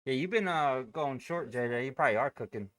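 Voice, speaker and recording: A man's voice: medium pitch, animated, brisk, fairly bright tone, dry recording. A man hosting a day-trading livestream, chatting casually, joking and swearing. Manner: joking, loose and profane.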